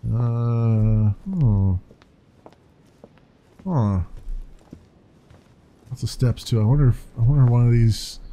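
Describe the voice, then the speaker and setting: A man's voice: mid-range voice, takes it slowly, pauses often, warm tone, slight background noise. A man casually commenting while playing a video game, chatty and wondering aloud. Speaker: let's play commentator.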